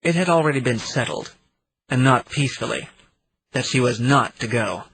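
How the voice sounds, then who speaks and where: A man narrating an audiobook in the first person, in a steady reading manner. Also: medium pitch, moderate pace, slightly rough, low-quality recording. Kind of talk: scripted narration.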